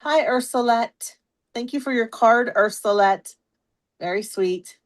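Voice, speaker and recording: With a Pittsburgh accent and a slightly high voice, a woman from that US city runs a live craft stream about stamping. She's unhurried and chatty, saying hello to viewers by name.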